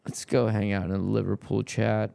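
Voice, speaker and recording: A man's voice: lowish voice, level tone, moderate pace, vocal fry, mellow, dry recording. A man streaming, casually muttering to himself as he fiddles with his stream settings. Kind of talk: casual livestream chatter.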